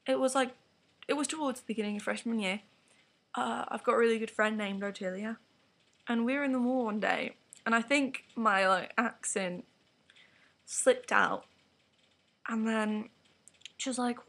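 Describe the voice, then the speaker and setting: A teenage girl with an English accent rants straight to camera in a casual vlog. Her voice sits a little high and has a gravelly, breathy texture. She rambles frankly, leans on "like" and drops into whispered asides. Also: animated, unhurried, long pauses, a bit bright. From England. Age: teens. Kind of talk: candid vlog rant to camera.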